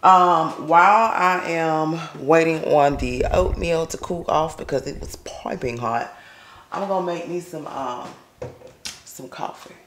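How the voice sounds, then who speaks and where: A woman vlogging casually from her kitchen at home, her voice hoarse and raspy from a sore throat, chatting straight to her viewers and laughing often. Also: deep voice, a little slow, fairly bright tone, slight background noise. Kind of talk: casual vlog chat.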